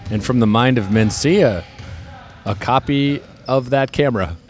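A man's voice: medium pitch, unhurried, soft background music. Man doing goofy play-by-play. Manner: jokey, riffing, breaks into calls. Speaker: basketball commentator. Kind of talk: comedic play-by-play commentary.

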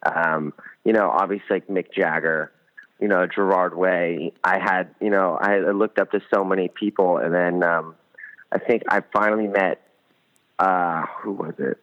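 A man's voice: low-pitched, steady tone, unhurried. A young man, a band's musician, chatting casually in an interview, rambling with lots of fillers. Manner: rambling, many fillers, enthusiastic. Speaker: band musician, guest. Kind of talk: casual interview over phone. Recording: tinny phone line.

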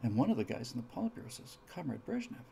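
A man hosting a history talk, an animated storyteller who acts out the punchlines. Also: medium pitch, very fast, creaky, slight background noise. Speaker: podcast host telling historical jokes. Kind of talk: storytelling lecture.

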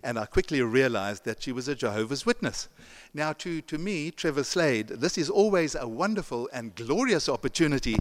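A man's voice: medium pitch, expressive, moderate pace. A male pastor giving a sermon in a conversational way, with chuckling asides and frequent restarts, and an English accent that is not American. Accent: non-American English. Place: church sanctuary. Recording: long church reverb.

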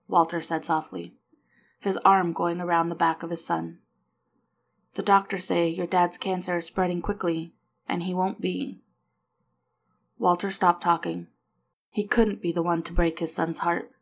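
A woman narrating a novel aloud, reading the dialogue softly and without strong character voices. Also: fairly low pitch, level tone, a little slow. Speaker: audiobook narrator. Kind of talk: scripted narration.

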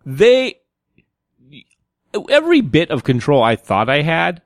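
A young man rambles through a story in casual talk, his pitch leaping up and down as he laughs it off. The sound is dry and close, with no room in it. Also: huge pitch swings, slow, no echo. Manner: rambling storyteller, many fillers, laughs often. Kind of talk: casual chat.

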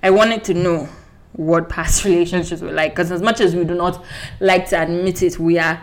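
A woman's voice: fairly low pitch, steady tone, normal speed. A woman in casual podcast chat, telling stories animatedly with frequent laughs.

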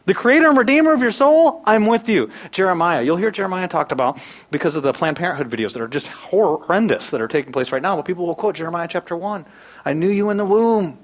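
A man in his thirties preaching a sermon, animated, swinging from loud bursts to hushed asides. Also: high voice, quick pace, poor audio. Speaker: pastor.

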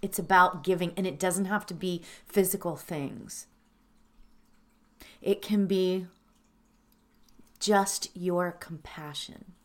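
A woman introducing a guided meditation, speaking earnestly and emotionally, halting and teary with soft laughs. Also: on the low side, fairly even intonation.

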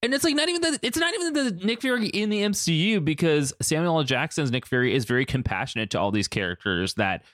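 Male co-host, pitch leaping all over, dry close sound; incredulous, profane. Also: sing-song, quick pace, few pauses, a bit bright, no echo. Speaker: podcast co-host. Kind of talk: casual recap chat.

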